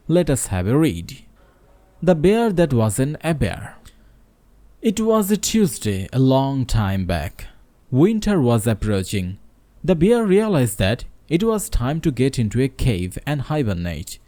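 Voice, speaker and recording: A man with a Bangladeshi accent narrates a storybook with dramatic, varied delivery. His pitch swings widely, and the tone is mellow. The recording is dry and close. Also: dry recording. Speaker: audiobook narrator.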